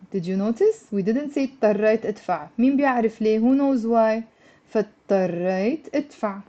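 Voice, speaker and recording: Woman teaching a live class online, mellow kinda high voice, slightly dull stream audio, keeps asking did you get it. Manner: patient, coaxing, repeats words slowly for students. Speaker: Arabic teacher. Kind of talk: live online language lesson.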